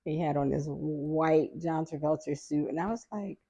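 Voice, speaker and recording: A middle-aged woman with a low voice tells a story from her past in a relaxed, chatty way. Her voice has a gravelly fry and a husky edge. She acts out the people she quotes with lively little voices and laughs along the way. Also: moderate pace, lo-fi sound. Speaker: podcast guest. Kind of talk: casual storytelling.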